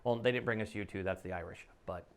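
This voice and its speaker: Middle-aged male host, casual and chatty, quick to joke. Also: on the low side. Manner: chatty, jokey, rambling with restarts. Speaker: podcast host. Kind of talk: casual interview chat.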